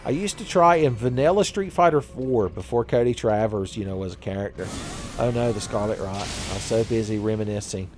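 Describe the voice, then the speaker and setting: A man's voice: on the low side, fairly quick, darkish tone, faint music behind. Sarcastic man ranting over gameplay. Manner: sarcastic, ranting, laughs at own jokes. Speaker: let's play host. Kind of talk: profane gameplay commentary.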